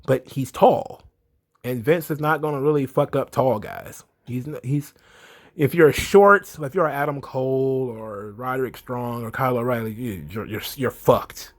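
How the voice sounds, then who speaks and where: A man hosting a casual wrestling recap show, talking loosely with swearing and frequent laughs, briefly acting out the wrestlers' lines. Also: medium pitch. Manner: loose, profane and laughing, acts out promo quotes. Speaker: wrestling commentary host. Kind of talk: casual solo recap commentary.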